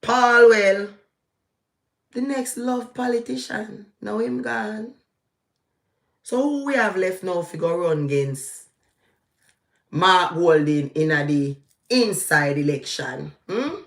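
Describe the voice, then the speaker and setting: A middle-aged Jamaican woman with a Jamaican accent, giving heated live political commentary that swings between slow, emphatic outbursts and quick asides in patois. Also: mid-range voice, creaky, reverberant. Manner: animated, ranting, shifting into patois. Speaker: vlogger.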